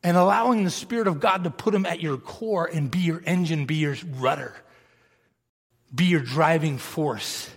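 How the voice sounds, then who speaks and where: A man's voice: fairly high pitch, normal speed, vocal fry, slightly rough, long reverb tail. A man preaching a sermon, passionate and emphatic, saying he is fired up rather than angry.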